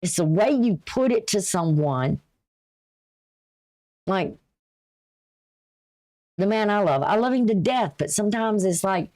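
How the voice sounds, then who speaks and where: A woman's voice: medium pitch, measured pace, pauses often, a little mellow. A woman giving a casual, folksy astrology reading, chatty and advice-giving, with a runny nose. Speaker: astrology and tarot reader.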